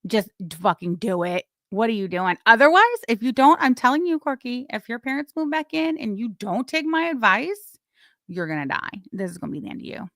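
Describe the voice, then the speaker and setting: Blunt, bright-voiced woman streamer. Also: fairly high pitch, a little fast, dry recording, clean studio sound. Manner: blunt, crude, swearing; chatty, with sudden loud excited bursts. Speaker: livestream host. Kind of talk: casual gossip commentary.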